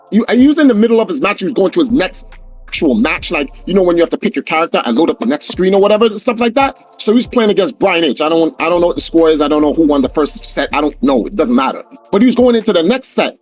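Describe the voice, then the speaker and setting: A lively man with a high voice, a guest on a podcast, tells a wild story in casual conversation. He's animated and swears, acting out the voices of people he quotes.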